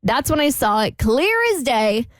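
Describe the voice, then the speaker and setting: A woman co-hosting a radio talk show, reading a listener's letter aloud in a lively, chatty way. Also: fairly high pitch, unhurried, no room sound. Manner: lively, chatty, laughs between lines.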